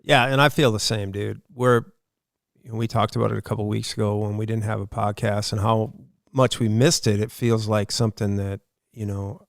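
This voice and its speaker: A man co-hosting a podcast speaks in a low, gravelly voice with lots of vocal fry. He talks in an earnest, relaxed way, like he's speaking to a close friend, and the sound is dry with no room echo. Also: moderate pace. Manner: earnest, relaxed, talking with a buddy. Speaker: podcast co-host. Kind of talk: casual chat.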